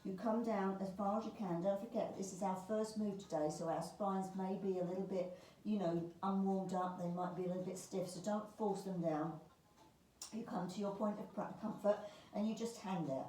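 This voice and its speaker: A woman leading a beginners Pilates class, calmly talking students through each movement with the occasional filler. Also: mid-range voice, moderate pace, a little hiss or hum. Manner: calm step-by-step cueing with fillers. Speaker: Pilates instructor. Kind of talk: guided exercise class. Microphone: camera across the room. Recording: roomy far-off mic with faint ambience.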